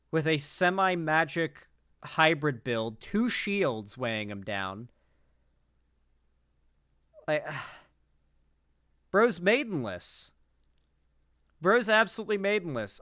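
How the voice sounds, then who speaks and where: A man's voice: on the high side, a bit bright, clear, resonant tone, no echo, studio quality. A young man giving casual, profane, incredulous reaction commentary on a political clip.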